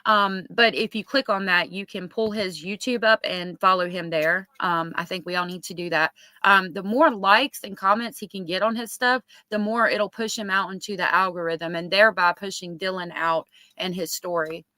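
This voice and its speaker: A woman's voice: medium pitch, fairly even intonation, normal speed, hardly any pauses, pushed and bright, no room sound. A woman hosting a casual livestream, reading chat messages aloud and chatting with lots of ums. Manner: chatty, filler-heavy with many ums. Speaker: livestream host.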